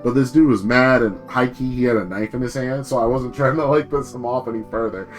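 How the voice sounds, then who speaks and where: A man's voice: mid-range voice, fairly even intonation, brisk, soft background music. A man streaming as a VTuber, ranting in a casual, rambling way and swearing freely while telling stories on himself. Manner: rambling, profane, self-deprecating.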